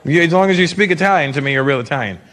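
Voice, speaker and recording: A man from Canada performing a stand-up comedy set on a club stage, talking to the audience and breaking into loud shouted bits as he acts out characters. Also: fairly high pitch, lively intonation, rapid-fire. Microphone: handheld stage mic. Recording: live club recording with crowd noise.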